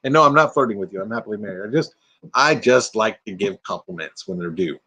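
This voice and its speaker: Sleepy, playful older man, lively pitch. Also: fast, husky. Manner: playful and rambling, slipping into silly voices. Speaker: live-stream host. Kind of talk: casual live-stream chat. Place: inside an RV.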